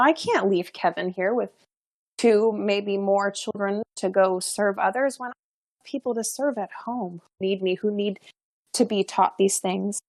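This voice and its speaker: A woman's voice: mid-range voice, no room sound. A young adult woman, a podcast guest, telling a personal story in a chatty way, full of fillers and restarts and frequent laughs.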